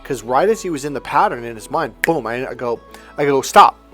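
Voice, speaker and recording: A man speaking as a life coach, telling a client story in a lively way and acting out both voices in the exchange. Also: medium pitch, brisk, soft background music. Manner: animated storyteller, acts out both sides of dialogue. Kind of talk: coaching monologue with anecdote.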